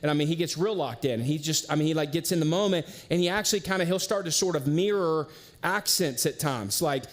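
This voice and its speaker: A man preaching a sermon as pastor, in a casual, conversational way with slang and lively storytelling. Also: a little high, fairly quick. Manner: animated storyteller.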